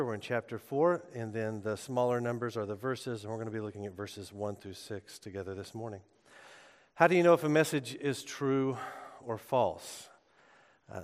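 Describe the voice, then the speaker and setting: A man's voice: mid-range voice, clear, resonant tone, big-room sound. A man preaching a sermon as pastor, in a conversational storytelling way with frequent filler words. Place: church sanctuary.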